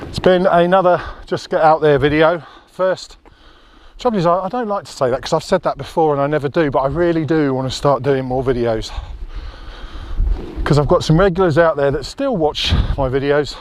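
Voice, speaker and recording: A man's voice: a little high, moderate pace, slight background noise. Chatty man vlogging outdoors. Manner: chatty and rambling, talks while walking. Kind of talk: casual chat to camera. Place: outdoors on a country road. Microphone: handheld camera.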